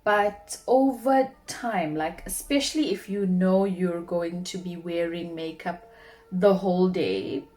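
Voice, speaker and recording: A young South African woman with a South African accent, chatting casually through a makeup tutorial, animated with soft murmured asides. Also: fairly low pitch, slow. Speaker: beauty vlogger.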